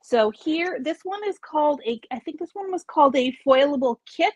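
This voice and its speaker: A woman's voice: high-pitched, animated, moderate pace, a little mellow, dry recording, highs cut off. A woman hosting a live craft store video, chatty and explanatory, often correcting herself as she shows products. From Canada.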